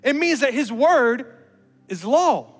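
A man preaching a sermon as pastor, animated and building to emphatic peaks. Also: very high voice, slow pace. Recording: reverberant hall with music underneath.

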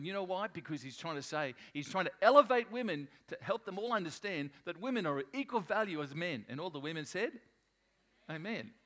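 A man preaching a sermon to his congregation, pitched a little high. He talks in an animated, emphatic way and often stops to restart his sentences. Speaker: pastor.

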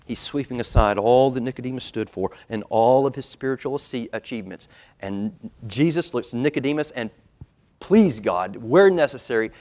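Male pastor, sermon delivery; hushed low quotes that build to loud emphatic peaks, church auditorium. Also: normal speed. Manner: acts out quoted lines in a dropped, quiet voice.

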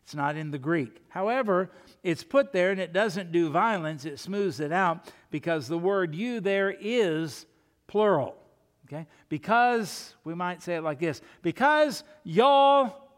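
A man with a high, light voice preaches a sermon, pressing his points with one rhetorical question after another. His words ring out with a long reverb, as in a church hall. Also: expressive, a little slow. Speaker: pastor.

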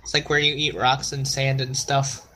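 A man co-hosting a podcast in casual chat, dropping wry, deadpan jokes. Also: medium pitch, moderate pace, slight background noise. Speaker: podcast co-host.

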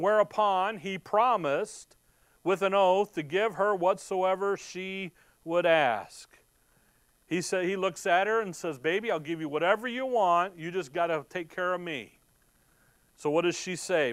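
Slow, emphatic male preacher. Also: sits high, smooth, dry recording. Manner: emphatic, asks rhetorical questions and answers them. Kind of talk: sermon with scripture reading.

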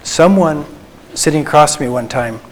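A man, a Christian psychologist, giving an earnest faith talk to a group, slowing down and softening for emphasis. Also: a little high, a little hiss or hum, rough recording. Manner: earnest, tender, slows for emphasis.

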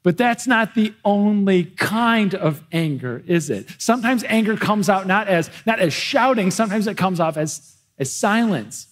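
A man preaching a sermon to his church in a conversational way, often restarting and repeating words as he goes. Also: high-pitched. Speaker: pastor. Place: church, livestreamed worship.

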